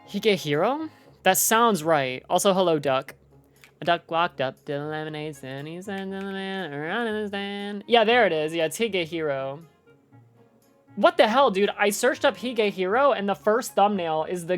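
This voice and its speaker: A young adult woman streaming live, chatting casually in a slangy, rambling way, full of "like" and "dude". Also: fairly low pitch.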